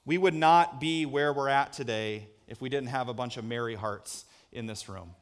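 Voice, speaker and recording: A male pastor preaching a sermon, telling a lively personal story and acting out the voices in it. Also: normal speed. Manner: animated storyteller, acts out voices with big pitch jumps. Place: church hall with a screen.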